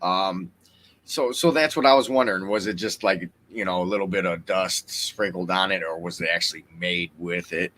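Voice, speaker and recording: A man's voice: low voice, moderate pace, a bit bright, a little hiss or hum. A man hosting a livestream in casual chat, easygoing as he asks his guest questions. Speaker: livestream host.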